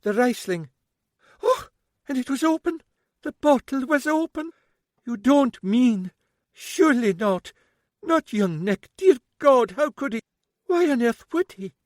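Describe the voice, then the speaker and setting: A man's voice: very high voice, animated, a little slow, a little mellow, dry recording, studio quality, pitched above the performer's own voice. A man voicing a nervous, theatrical older woman who feigns innocence, in an audiobook. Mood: feigned shock. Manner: fluttery, falsely innocent.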